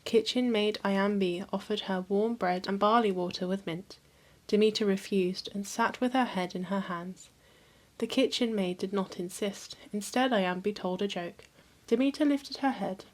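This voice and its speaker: A woman hosting a history channel, reading a mythology book aloud in a calm, even storytelling manner. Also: medium pitch, a little slow.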